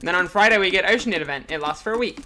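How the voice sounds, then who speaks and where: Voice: mid-range voice, lively intonation, rapid-fire, pushed and bright. A streamer giving live gameplay commentary, chatty and rambling with frequent ums.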